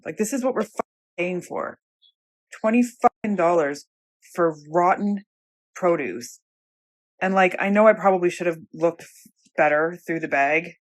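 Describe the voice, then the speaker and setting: A woman filming an exasperated, swearing rant about spoiled food she bought. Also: on the low side. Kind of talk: angry phone review video.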